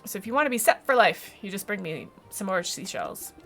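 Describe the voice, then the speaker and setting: A woman putting on a gruff pirate fish captain. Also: medium pitch, lively intonation, fairly quick, fairly bright tone, soft background music. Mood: boastful. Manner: pirate talk, scoffing and boastful.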